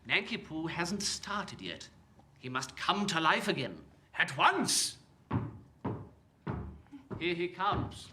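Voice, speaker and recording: An actor playing a flustered Victorian comic actor in rehearsal, theatrical in manner. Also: male voice, on the high side, sing-song, slow pace, pauses often, echoey room, noisy background. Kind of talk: period film acting.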